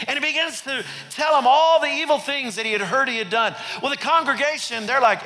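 A man's voice: very high-pitched, lively intonation, brisk, hardly any pauses, bright, forceful tone, a little hiss or hum. A male pastor telling a story in a sermon, building dramatic intensity. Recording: reverberant hall with faint music.

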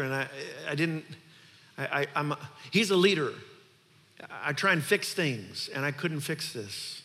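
A man's voice: on the high side, expressive, normal speed, pushed and bright. Earnest man preaching in a reverberant hall. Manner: earnest, conversational preaching with emphatic builds. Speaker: pastor. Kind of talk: sermon.

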